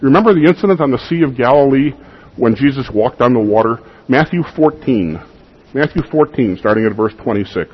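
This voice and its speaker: A man preaching a sermon in a husky voice, in a conversational style with rhetorical questions to the congregation, in what sounds like a church. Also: medium pitch, animated, fairly quick. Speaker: pastor. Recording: dull lo-fi recording.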